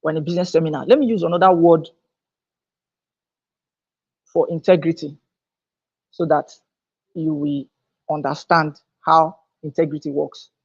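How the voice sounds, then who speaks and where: A woman speaking at a business seminar. She talks emphatically, repeats her words as she restarts phrases, and climbs higher and louder on her key points. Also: steady tone, moderate pace, pauses often, husky. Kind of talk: motivational business seminar talk. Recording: dull lo-fi sound.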